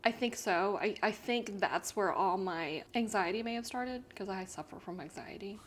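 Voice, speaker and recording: A woman's voice: medium pitch, normal speed, a little hiss or hum. A woman in her fifties from Central America, a guest telling her story in a casual, chatty way, full of fillers and light laughs. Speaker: interview guest.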